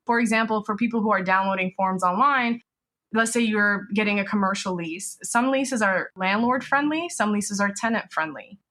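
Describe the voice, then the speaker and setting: A woman's voice: medium pitch, normal speed, fairly bright tone. A woman business lawyer, a podcast guest, explaining legal risks in a conversational way, often adding "you know" and "right?".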